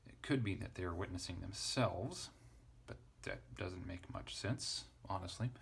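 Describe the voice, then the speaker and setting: Casual male teacher, deep and gravelly, who thinks aloud and spells out letters; faint noise underneath. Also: a little slow, fairly bright tone. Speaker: Greek teacher. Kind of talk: casual lesson, parsing text aloud.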